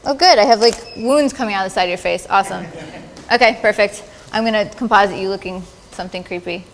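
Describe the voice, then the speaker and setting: A woman's voice: mid-range voice, fast talker, in a large hall. A woman photographer directing models at a live shoot, with playful, encouraging directions. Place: large studio with audience.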